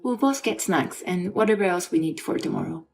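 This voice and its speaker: A woman's voice: fairly low pitch, fairly quick, a little mellow, faint music behind, lightly acted. A woman voicing a pushy grown son who defers to his mother and dismisses his wife. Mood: demanding. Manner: demanding, dismissive.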